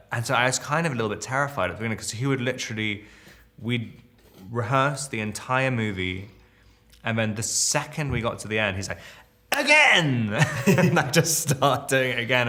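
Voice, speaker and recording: Gravelly, bright-voiced man reminiscing. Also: medium pitch. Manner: rambling and self-amused, with frequent restarts. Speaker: actor being interviewed. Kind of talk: interview about his film roles.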